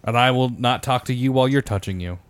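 A man's voice: mid-range voice, fast, no echo. Laughing, swearing young man telling stories. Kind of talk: casual chat.

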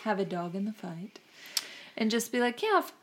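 A woman's voice: medium pitch, normal speed, slightly rough. A woman co-hosting a podcast, chatting casually and often quoting others in put-on voices. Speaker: podcast co-host. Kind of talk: casual chat recap.

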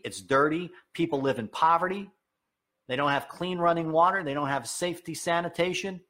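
A man giving an opinionated political rant, heated and sarcastic, with sudden high, emphatic outbursts. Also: fairly bright tone. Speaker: political commentator.

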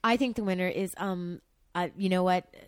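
A woman's voice: lowish voice, steady tone, moderate pace, clear, resonant tone, no echo, clean studio sound. A woman from Texas, a stand-up comic guesting on a podcast, joking in a wry, casual way. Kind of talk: casual chat.

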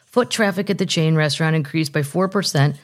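A woman with a lowish voice hosts a casual comedy podcast. She reads news items aloud and keeps breaking off into jokey asides. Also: a little fast. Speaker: podcast host.

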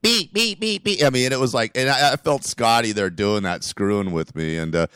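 A man's voice: lowish voice, steady tone, fairly quick, a bit bright, clear, resonant tone, no room sound. Dry-sounding grieving middle-aged man. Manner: rambling storyteller with frequent restarts and laughs. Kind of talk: casual conversation.

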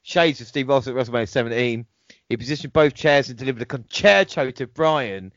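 A man's voice: medium pitch, expressive, brisk, no room sound, muffled recording. A man hosting a podcast, reading out match results and reacting with laughs and swearing. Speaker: podcast host. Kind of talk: casual wrestling recap chat.

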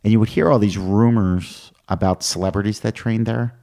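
A middle-aged male comedian telling animated stories in casual chat, acting out what people said. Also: lowish voice, normal speed. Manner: animated anecdotes with quoted voices. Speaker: comedian guest.

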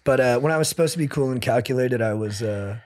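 A man hosting a podcast, telling stories in an animated, casual way and saying "dude" a lot. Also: medium pitch, quick pace. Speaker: podcast host.

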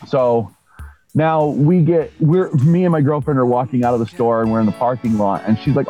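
A man casually telling a profane story on a podcast in a deadpan way. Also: mid-range voice, brisk, dull audio, faint music behind. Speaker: podcast co-host.

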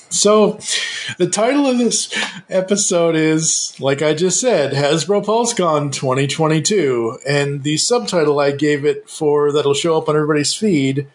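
Rambling, chatty man co-hosting a podcast. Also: fairly high pitch. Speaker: podcast co-host. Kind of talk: casual podcast chat.

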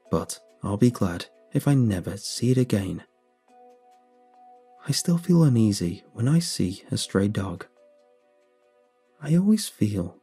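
A man reading a first-person horror story aloud in a steady, measured way. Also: on the low side, slightly rough. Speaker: narrator. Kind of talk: scripted horror story narration.

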